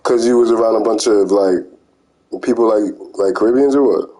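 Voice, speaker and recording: A laid-back man chats casually, dropping slang and swearing. His voice is low, mellow and a little husky. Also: a little fast, poor audio. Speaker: conversation partner. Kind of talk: casual chat.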